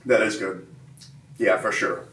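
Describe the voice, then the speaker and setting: Relaxed man in a roomy space. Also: fairly low pitch, measured pace. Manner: relaxed, reads out nutrition labels. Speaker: co-host reviewing protein bars. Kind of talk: casual taste-test chat. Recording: roomy, mic at a distance, faint ambience.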